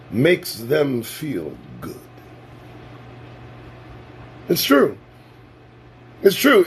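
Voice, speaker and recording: A man hosting his own show, delivering a sarcastic, profane, preachy monologue that swings from loud bursts to low asides. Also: a little hiss or hum. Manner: preachy, sarcastic, swears freely. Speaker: talk show host.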